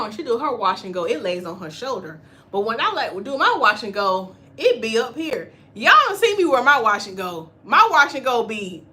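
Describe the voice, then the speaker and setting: A natural hair stylist who hosts her own channel leads a casual spoken class on hair care. She's animated and chatty, acting out the voices of the people she quotes. Her voice is on the high side, and the audio has a slight hiss or hum.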